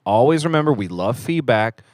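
Man, podcast co-host, playful and rambling, medium pitch, dry close sound. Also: expressive, normal speed, a little mellow, no room sound. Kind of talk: casual podcast chat. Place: small studio room in a theater.

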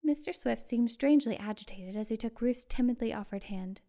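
A woman narrating a short story audiobook in a calm, measured way. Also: a little high, vocal fry. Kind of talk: scripted narration.

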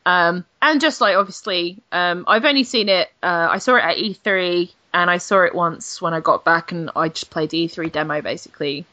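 Blunt, bright-voiced woman. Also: lowish voice, moderate pace, hardly any pauses, no room sound. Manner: blunt and animated, swears freely. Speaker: podcast guest, games journalist. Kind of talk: casual podcast chat.

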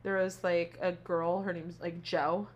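A woman's voice: on the low side, little pitch movement, unhurried. A woman co-hosting a casual podcast, animatedly recapping a show and acting out the characters' lines, with plenty of swearing. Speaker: podcast co-host; teacher.

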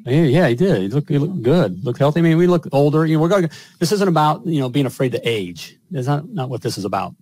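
A man's voice: on the high side, very animated, fast talker, darkish tone, no room sound. A middle-aged man hosting a show, telling a personal story in a rambling way with lots of fillers and chuckles. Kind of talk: casual storytelling.

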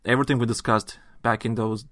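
A man chatting on a gaming podcast, recorded close and dry. He talks in animated bursts and rants, stumbling into restarts as he goes. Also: medium pitch, fast talker, dry recording. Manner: animated, ranting, trails off into restarts. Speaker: podcast host. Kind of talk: casual chat.

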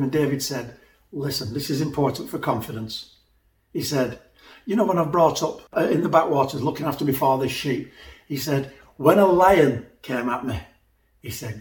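Guy preaching, kinda high voice, acts out the voices, echoey room. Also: moderate pace. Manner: animated retelling with acted-out voices. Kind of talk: sermon storytelling.

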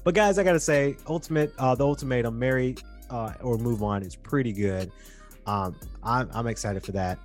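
A man's voice: mid-range voice, normal speed, faint music behind. Rambling, earnest young male podcast host. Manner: rambling and earnest, with repeated restarts. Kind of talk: casual podcast monologue.

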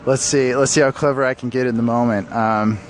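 A man's voice: mid-range voice, steady tone, a little fast, faint music behind. A man co-hosting a casual podcast chat, self-deprecating and laughing often. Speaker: podcast co-host, narrator and horror author.

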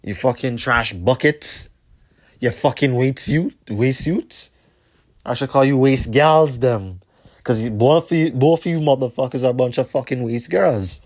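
A man's voice: measured pace, a little mellow. New guy ranting on his podcast, swearing a lot, repeats himself, voice sinks at the end of lines. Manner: profane, repetitive, heated, trails off low at line ends. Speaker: podcast host. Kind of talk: rambling storytelling rant.

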